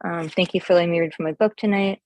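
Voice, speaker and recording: A woman reading her own poems at an online open mic in a deadpan manner over a video call. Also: fairly low pitch, quick pace, no echo. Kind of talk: poetry reading.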